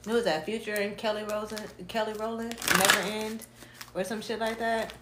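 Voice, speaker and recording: A woman doing a casual tarot reading, animated and full of slang, laughing and humming between cards. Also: mid-range voice, brisk, roomy sound, very noisy. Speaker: tarot reader.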